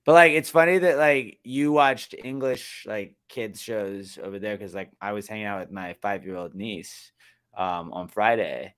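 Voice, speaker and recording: A man's voice: on the low side, unhurried, fairly bright tone, smooth. A young man co-hosting a casual podcast chat, rambling, swearing freely and slipping into silly voices. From Texas. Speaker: podcast co-host.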